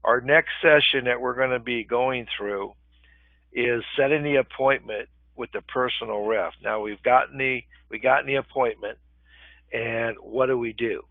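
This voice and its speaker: An older man with a gravelly voice leads a live webinar in a relaxed, conversational way, pausing often to check in with his listeners. The audio is thin and phone-like. There is no room echo at all. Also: medium pitch. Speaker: real estate webinar instructor. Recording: tinny phone-line webinar audio, dry.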